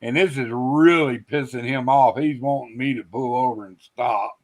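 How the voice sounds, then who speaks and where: An older man telling a story in an unhurried, drawling way as a podcast co-host. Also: mid-range voice. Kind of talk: casual storytelling.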